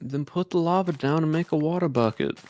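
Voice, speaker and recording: A man's voice: a little high, fairly quick, a little mellow, a little hiss or hum. Rambling, chatty man co-host. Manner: rambling, full of fillers, gives game tips. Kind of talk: casual chat while gaming.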